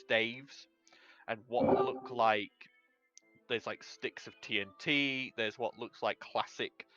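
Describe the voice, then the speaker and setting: A man's voice: mid-range voice, steady tone, slow pace, pushed and bright, lo-fi sound, faint music behind. A man narrating as game master, describing scenes in a loose, rambling way.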